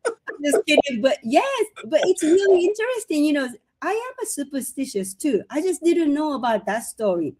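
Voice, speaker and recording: A woman's voice: sits high, sing-song, moderate pace. A woman co-hosting a casual podcast chat, talking loosely with lots of fillers and agreeing readily. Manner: chatty, many fillers, warm agreement. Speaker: co-host.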